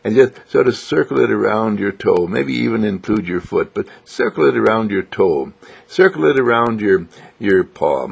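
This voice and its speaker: A man gently guiding listeners through a self-healing exercise, with a coaxing, repetitive manner. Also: fairly low pitch, lively intonation, moderate pace, gravelly, breathy edge, highs cut off. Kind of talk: guided self-healing instruction.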